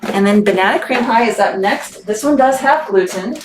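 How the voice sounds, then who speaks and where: A woman's voice: medium pitch, animated, moderate pace, noisy background. A woman from Texas running a live-stream sale for her candy shop, upbeat and chatty, thanking viewers by name as she talks. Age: adult, military veteran. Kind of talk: live-stream sales chat.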